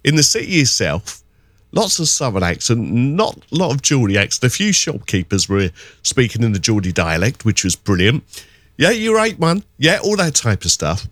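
A middle-aged man calling in, telling a rambling story with animated put-on voices. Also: fairly low pitch, normal speed, dry recording, clean studio sound. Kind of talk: casual phone-in chat.

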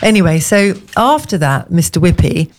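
A woman co-hosting a casual chat, telling rambling, animated anecdotes. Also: lowish voice, moderate pace. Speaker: co-host.

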